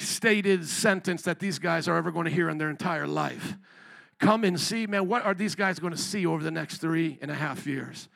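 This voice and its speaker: A man preaching a sermon in a relaxed, conversational way, acting out the people he quotes and building up to shouts. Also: high voice, gravelly, no room sound. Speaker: pastor. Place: church service.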